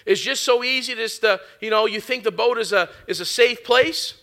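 A preacher gives a relaxed, folksy sermon, blending everyday chatter with scripture and calling out "amen" and "come on" to his listeners. His high voice sounds bright and forward, and he talks a little fast.

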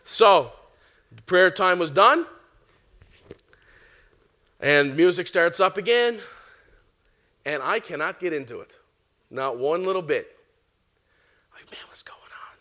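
A middle-aged man from Canada preaching a sermon, telling a personal testimony in an animated way and laughing often. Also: sits high, slow pace, pauses often.

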